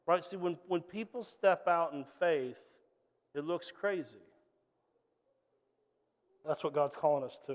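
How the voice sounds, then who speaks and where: Male pastor, higher register, lively storyteller sermon, hall echo. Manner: animated storytelling with acted-out voices.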